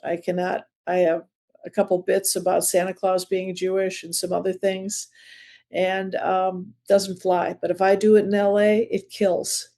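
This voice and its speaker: Gravelly older lady in her 70s, from chicago, rambling funny stories in a chat. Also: mid-range voice, level tone, measured pace, dark tone. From Chicago area. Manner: chatty, rambling, self-deprecating storyteller. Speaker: comedian guest. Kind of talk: casual interview chat.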